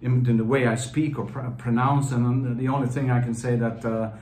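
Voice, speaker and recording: A man talks through a fragrance review in a loose, rambling way, stopping and restarting often. His voice sits at an ordinary pitch. The room around him rings with noticeable echo. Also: flat delivery, a little fast, a little mellow, a little hiss or hum. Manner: rambling, chatty, frequent fillers and restarts. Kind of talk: casual video review. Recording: roomy echo.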